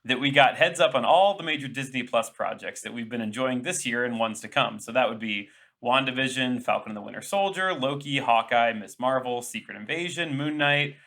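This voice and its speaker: Bright-voiced man hosting a podcast. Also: mid-range voice, animated, fairly quick, hardly any pauses. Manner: upbeat, jokey hosting. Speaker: podcast host. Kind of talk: casual comedic podcast chat.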